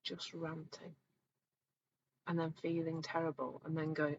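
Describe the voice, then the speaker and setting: A woman in her forties, a coach hosting a live talk, telling stories in an animated, chatty way. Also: low-pitched, normal speed, muffled recording, a little hiss or hum. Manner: chatty, animated storytelling, acts out voices. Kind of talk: live online talk answering viewers.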